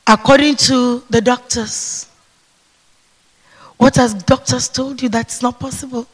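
A man preaching a sermon to a seated congregation, calling for responses and swinging between hushed whispers and shouts. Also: extremely high pitch, steady tone, unhurried, long pauses, breathy edge. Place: church hall with seated congregation. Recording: long reverb of a large hall.

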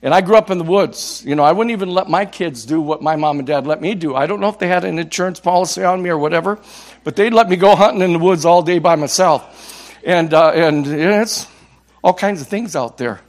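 An evangelist in his sixties from Minnesota preaches a passionate sermon, repeating words and building to loud cries. His voice is on the high side and his pace brisk.

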